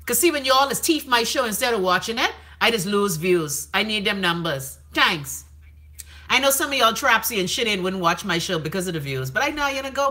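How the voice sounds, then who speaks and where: A woman hosting a casual live stream, reading viewer comments aloud in a brash, profane, gossipy way, with sudden dramatic jumps in pitch. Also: sharp tone.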